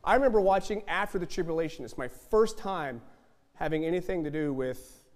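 A man's voice: on the high side, a little fast. Fiery preacher man in a hall. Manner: emphatic, repetitive, rising to shouts. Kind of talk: fiery sermon.

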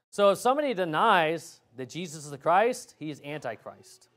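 A man delivers a sermon in a slightly higher voice. He talks emphatically, asks rhetorical questions, and often restarts his sentences. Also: sing-song, moderate pace, hardly any pauses, fairly bright tone. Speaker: preacher.

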